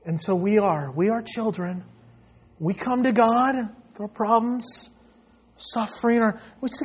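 A man's voice: high-pitched, measured pace, slightly rough, dull audio. A man preaching a sermon in a conversational, anecdotal way. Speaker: pastor.

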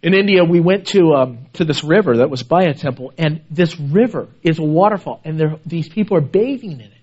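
A man preaching a sermon with passion, his voice swinging between loud, raised pleas and hushed, low tones. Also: animated, fairly quick, few pauses. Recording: dull lo-fi recording.

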